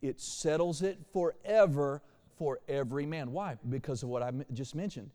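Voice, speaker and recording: A man preaching a sermon as pastor, animated, shifting between quiet and loud passages. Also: a little high, normal speed, big-room sound. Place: church sanctuary.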